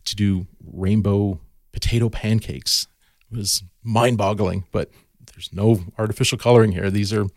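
A man's voice: lowish voice, fairly even intonation, measured pace, a little mellow, dry recording, studio quality. A man, a garden educator, talking casually as a podcast guest and telling stories with lots of restarts and fillers. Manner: storytelling, many restarts and fillers.

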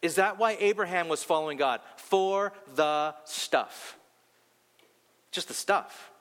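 Fiery preaching man in a hall. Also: takes it slowly. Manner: animated storytelling, rhetorical questions, pitch rising when heated. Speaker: pastor. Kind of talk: sermon. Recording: long hall reverb.

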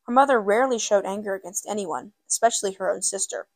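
A woman narrating a novel in a measured, steady way, in audiobook style. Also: medium pitch, no room sound.

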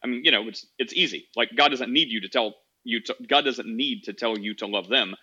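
A man's voice: medium pitch, brisk, sharp tone, husky, highs cut off. A man hosting a casual call-in podcast, talking in a rambling way with many fillers and restarts. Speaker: podcast host.

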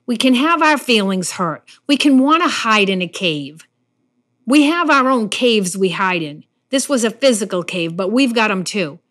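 A woman's voice: medium pitch, expressive, moderate pace, fairly bright tone. A woman preaching a sermon in an earnest way, sometimes acting out the lines of the figures in the story she tells. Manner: earnest, acts out the Bible figures' lines in quotes.

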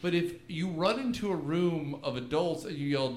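A man co-hosting a casual movie podcast from his room, talking in a rambling, jokey, animated way with lots of asides. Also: on the high side, normal speed, hardly any pauses, reverberant. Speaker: podcast co-host. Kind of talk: casual movie recap chat. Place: home room with DVD shelf.

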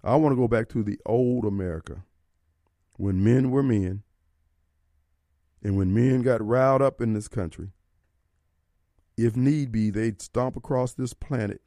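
A man's voice: lowish voice, a little slow, long pauses, mellow, dry recording, clean studio sound. A man hosting a radio talk show, preaching his opinions and firing off rhetorical questions. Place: radio studio. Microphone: studio microphone.

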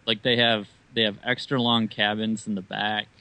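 A man's voice: lowish voice, little pitch movement, moderate pace, sharp tone, clean tone, rough recording. A man in casual podcast chat, trading dry, wry jokes.

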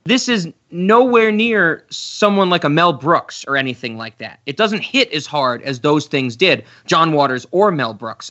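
Chatty man reviewing a film, bright tone. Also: a little high. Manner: rambling, restarts, acts out quotes. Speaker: podcast co-host. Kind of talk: casual film review chat. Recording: slightly muffled audio.

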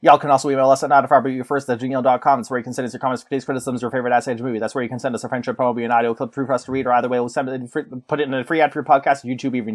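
A man co-hosting a casual comedy podcast, joking and laughing often, sometimes rattling off rapid patter. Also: medium pitch, flat delivery. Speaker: podcast co-host.

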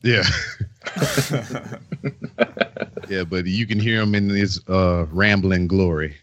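A man's voice: sits low, slow pace, a bit bright, slight background noise. A man co-hosting a podcast, telling loose, profane stories in casual chat. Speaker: podcast co-host. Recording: dull lo-fi sound.

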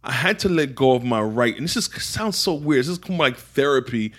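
A man's voice: mid-range voice, expressive, a little fast, fairly bright tone. Laid-back man with an American accent. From England. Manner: laid-back, reflective, peppers talk with "man". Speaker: podcast guest, poet and entrepreneur. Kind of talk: casual conversational interview.

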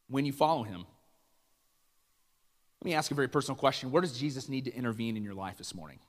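A man's voice: mid-range voice, lively intonation, a little fast, pauses often, a little mellow. Man preaching in a reverberant hall. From Iowa. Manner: conversational, asks the crowd questions, acts out dialogue. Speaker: pastor. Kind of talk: sermon. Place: church hall. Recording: long reverb of a large church hall.

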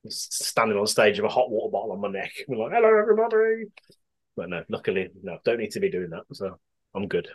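A man's voice: lowish voice, steady tone, quick pace, breathy edge. A man co-hosting a podcast in casual chat. He is laid-back, swears freely and laughs often. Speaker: podcast co-host.

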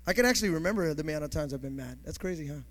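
A male pastor preaching a sermon emphatically, building to shouts and calling for responses from the congregation. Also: on the high side, lively intonation, very fast.

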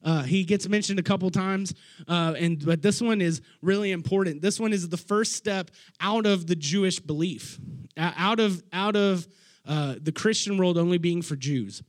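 A male preacher delivers a loose, conversational sermon full of Bible stories, speaking with slangy enthusiasm and often restarting sentences. His voice is fairly high for a man, and he keeps a moderate pace.

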